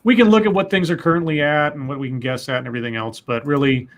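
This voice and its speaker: Measured man hosting a live results stream. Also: on the high side, fairly even intonation. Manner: measured, hedging, reads viewer comments. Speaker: host. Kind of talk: casual live commentary.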